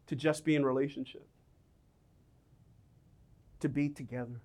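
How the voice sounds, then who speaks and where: A middle-aged man preaching a sermon, telling personal stories with lively, animated delivery and voicing the people in them. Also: medium pitch, a little slow. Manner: animated storytelling, acts out quoted voices.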